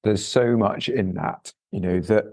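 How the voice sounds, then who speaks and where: A man hosting a casual podcast, speaking in a reflective, halting way. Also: on the low side, steady tone, darkish tone, dry recording. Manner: reflective, halting, frequent backchannels. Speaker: podcast host.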